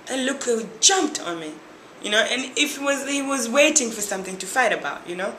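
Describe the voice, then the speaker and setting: A woman's voice: a little high, brisk. A young woman from Tanzania, a former reality show contestant, telling her story in an interview and acting out what people said. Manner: lively storyteller who acts out other people's lines. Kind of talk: interview, animated retelling. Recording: echoey room with faint noise.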